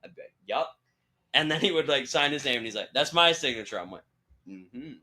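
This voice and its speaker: A man's voice: medium pitch, brisk. A young man hosting a podcast, chatting casually and acting out the people in his stories. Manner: animated storytelling, acting out quoted voices. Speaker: podcast host. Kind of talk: casual chat.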